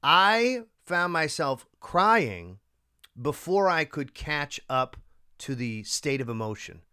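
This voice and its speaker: A man talking casually as a co-host, swinging his pitch widely as he gets worked up. He digresses and restarts often, and his voice is recorded dry and close. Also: slow, smooth, no room sound. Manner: animated, emotional, digressive with many restarts. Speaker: podcast co-host. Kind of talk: casual political chat.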